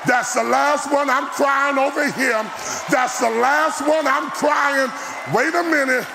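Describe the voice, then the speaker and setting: A man preaching a sermon to a congregation, shouting in a sing-song whooping cadence. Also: very high-pitched, steady tone, slow, creaky, crowd noise. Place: church sanctuary. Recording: live church sermon with music and congregation.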